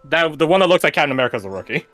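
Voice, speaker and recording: A man's voice: on the high side, very animated, very fast, music in the background. A young man running a tabletop game as game master, teasing and laughing often.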